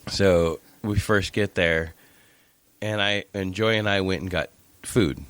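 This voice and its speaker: A man co-hosting a podcast, telling a casual story in an animated way, swearing and mimicking other people in a raised voice. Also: slow, clean tone, dry recording. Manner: animated, swearing, acts out voices in high pitch. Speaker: podcast co-host.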